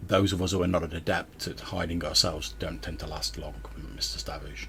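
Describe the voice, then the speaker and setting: Male GM doing a low-voiced woman bandit leader, steady and quiet, gravelly. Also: moderate pace, a little hiss or hum.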